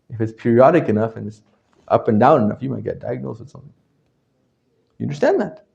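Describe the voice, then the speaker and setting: A religious teacher lectures his class interactively, constantly quizzing listeners and checking they follow along. His medium-pitched, gravelly voice is animated and lurches between loud and quiet, and the recording has its highs cut off.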